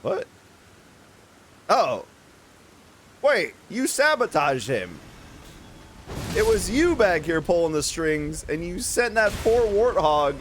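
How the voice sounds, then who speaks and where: A man's voice: high-pitched, big pitch swings, takes it slowly, long pauses, a bit bright, slight background noise. A man streaming a game, reacting with playful, joking commentary.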